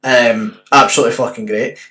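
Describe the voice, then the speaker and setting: A man's voice: medium pitch, a little fast. A Scottish man in his twenties, a podcast host telling stories in casual chat, swearing often. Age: 20s. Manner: swearing, animated storytelling. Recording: roomy, distant mic with faint hum.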